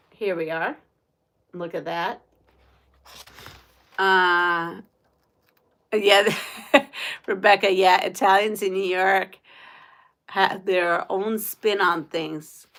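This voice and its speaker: A woman's voice: mid-range voice, a bit bright. A woman from the United States hosting a quilting live stream, chatting casually with viewers, laughing often.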